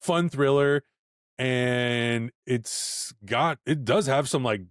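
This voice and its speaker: A man's voice: medium pitch, slow pace, dry recording, studio quality. A man co-hosting a casual film podcast, talking with enthusiastic, emphatic energy. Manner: enthusiastic, animated, emphatic reactions. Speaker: podcast co-host.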